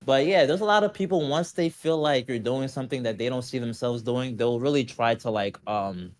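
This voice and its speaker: Male streamer guest, mid-pitch, animated and rambling, keeps checking in with listeners. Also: brisk. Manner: animated, rambling, says "you know what I mean" often. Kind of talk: casual podcast chat.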